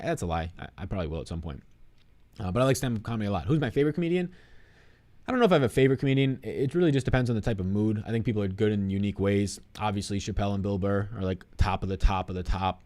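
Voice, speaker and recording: A man's voice: lowish voice, fast talker, a little mellow. A young man hosting a live stream, casually answering chat questions in a rambling, swearing, off-the-cuff way.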